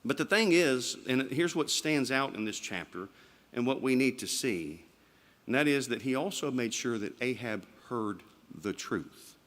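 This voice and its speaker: A man delivers an evening sermon in a church, with a voice of ordinary pitch. He talks in a relaxed, conversational way and turns to the congregation with rhetorical questions as he explains the passage. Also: a little slow. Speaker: preacher. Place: church sanctuary.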